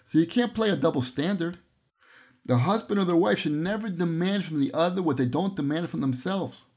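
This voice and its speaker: A man's voice: fairly high pitch, fairly quick, darkish tone. A man giving a Torah lesson on his podcast, telling stories and briefly acting out the people in them. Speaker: rabbi teaching on a podcast.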